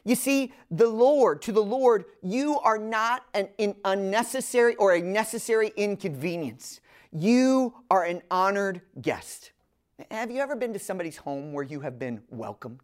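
A woman delivers a sermon in an earnest, emphatic voice that sits at a middle pitch. She speaks straight to her listeners and stretches out the key phrases to let them land. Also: expressive, normal speed. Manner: direct address to listeners. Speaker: preacher.

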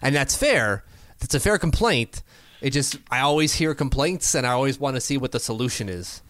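A man's voice: medium pitch, expressive, normal speed, fairly bright tone, dry recording. Chatty man talking hockey, dry sound. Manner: chatty, self-correcting, laughs easily. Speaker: podcast co-host. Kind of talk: casual hockey chat.

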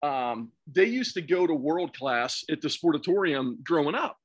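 A man's voice: fairly high pitch, lively intonation, normal speed, slightly rough, no echo, studio quality. A man casually telling a long, profane story on a podcast, rambling through restarts and fillers. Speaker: podcast guest or host.

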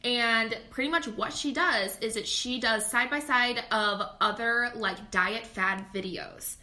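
A woman's voice: fairly high pitch, pushed and bright. A woman co-hosting a podcast, chatting frankly and giving her opinions. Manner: frank, opinionated, quick asides. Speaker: podcast co-host. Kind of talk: casual chat.

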